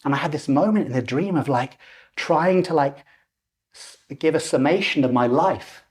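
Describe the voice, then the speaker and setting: A man's voice: a little high, normal speed, a little mellow, slightly rough. A man in his forties, a podcast guest telling a personal story animatedly and acting out the voices in it. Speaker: podcast guest, lucid dreaming teacher.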